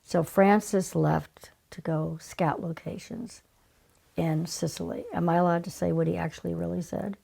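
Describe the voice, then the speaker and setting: An older woman, a casting director, telling stories in an interview, animated and acting out the people she quotes. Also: lowish voice, normal speed, vocal fry, breathy edge. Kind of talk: casual interview storytelling.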